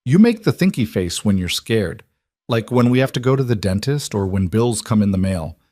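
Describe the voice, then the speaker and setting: A man voicing a bright six-year-old girl who talks in a matter-of-fact, earnest way. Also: on the low side, animated, normal speed, dry recording, clean studio sound.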